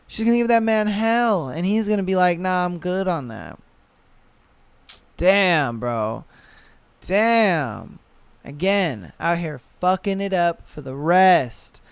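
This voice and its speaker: A man's voice: sits high, smooth, no room sound. A young man hosting a podcast, ranting in casual, profane, exasperated reaction commentary. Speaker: podcast host.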